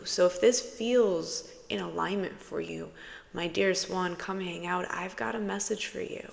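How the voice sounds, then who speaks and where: A woman speaks as a spiritual channeler in a casual message to her viewers. Her voice sits fairly low and she talks slowly and unhurriedly, playful and soothing by turns. A long reverb trails behind her words. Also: creaky. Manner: playful and soothing, with laughs and sudden exclaims.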